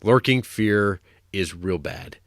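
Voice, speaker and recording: Co-hosting a podcast, a young man rambles through casual chat, full of filler words and false starts. He speaks slowly in a deep voice with vocal fry, on clean studio audio without echo.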